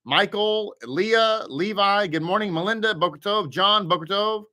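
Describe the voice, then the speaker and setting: A man's voice: high-pitched, normal speed, sharp tone. A man leading a live Torah study, greeting viewers by name and chatting casually before he teaches.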